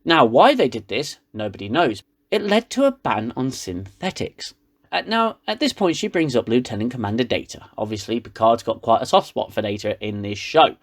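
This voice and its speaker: A man's voice: medium pitch, sing-song, moderate pace. Sarcastic British man recapping. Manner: sarcastic, rambling. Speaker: reviewer. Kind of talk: comedic episode recap.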